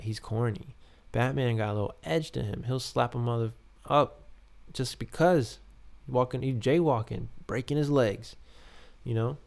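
A man's voice: mid-range voice, gravelly, darkish tone. A man talking casually and rambling as a podcast host, full of fillers and loose asides. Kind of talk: casual wrestling commentary.

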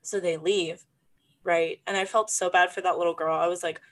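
A young adult woman co-hosting a podcast, telling a story in a casual, animated way and acting out the people in it, with many "like" fillers. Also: fairly low pitch, normal speed. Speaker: podcast co-host.

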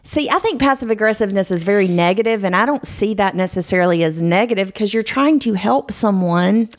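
A woman co-hosting a podcast in casual conversation, thoughtfully talking ideas through and laughing softly now and then. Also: medium pitch, animated, fairly quick. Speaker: podcast co-host. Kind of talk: casual chat.

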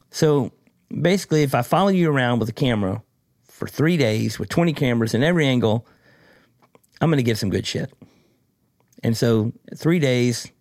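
A man who judges a tattoo competition, telling a story in casual chat, blunt and profane, with animated, mocking asides. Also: mid-range voice, no echo, studio quality.

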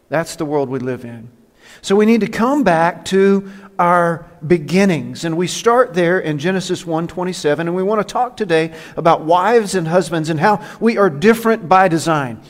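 A man preaching a sermon to a church, joking and animated, now and then slipping into impressions. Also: high voice, moderate pace, long reverb tail. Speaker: pastor. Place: church sanctuary.

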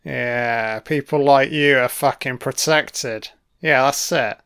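A man talks over a film in a laid-back, unhurried way, dropping frequent swear words between his remarks. His voice is smooth and clear, sitting at an ordinary middle pitch. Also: a bit bright. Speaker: film commentary host. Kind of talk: casual audio commentary over a film.

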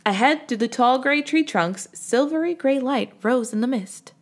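A woman reading a children's storybook aloud with an expressive delivery. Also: high voice, normal speed. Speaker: reader.

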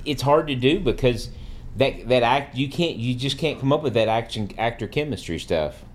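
A man's voice: mid-range voice, normal speed. A middle-aged man chatting on a podcast, telling stories and giving emphatic opinions. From Kentucky. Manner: relaxed storytelling, emphatic opinions. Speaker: guest father. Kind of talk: casual podcast chat.

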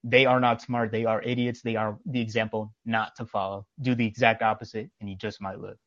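A man's voice: lowish voice, little pitch movement, a little fast, fairly bright tone, dry recording, muffled recording. A man co-hosting a casual podcast, telling anecdotes with emphatic, preachy conviction. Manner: emphatic, preachy, tells anecdotes with quoted dialogue. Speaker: podcast co-host.

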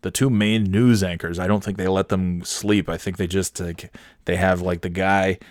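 Low voiced guy doing a sweary sarcastic rant, dry close sound. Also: steady tone, moderate pace, no room sound. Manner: profane, rambling, sarcastic. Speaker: podcast host. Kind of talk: comedic rant.

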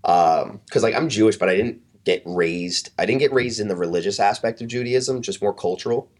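Guy with a really deep voice, fitness coach type, chatting on a podcast, swears a lot, hushes his voice for quotes. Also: fairly quick. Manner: animated, profane, acts out quotes in hushed voices. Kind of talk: casual storytelling in a podcast interview.

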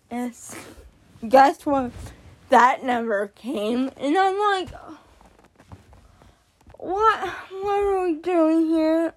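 A woman hosting a podcast, telling a personal story in casual talk, exasperated and swearing now and then. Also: high voice. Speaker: podcast host.

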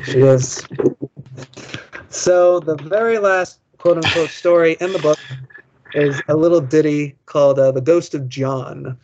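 A man's voice: a little high, measured pace, a little mellow, muffled recording, a little hiss or hum. A man co-hosting a podcast, reading a children's ghost story aloud and rambling through wry, joking asides. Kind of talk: casual podcast chat, reading aloud and commenting.

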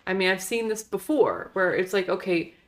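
A woman's voice: mid-range voice, normal speed, slight background noise. A woman co-hosting a casual film review podcast, talking in a chatty way with exasperated asides. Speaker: podcast co-host.

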